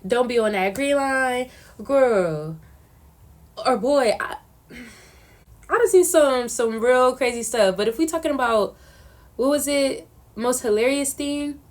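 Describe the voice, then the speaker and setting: A young woman answering questions in a casual vlog, telling stories in an animated, slangy way. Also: high-pitched, slow pace, long pauses. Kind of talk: casual chat.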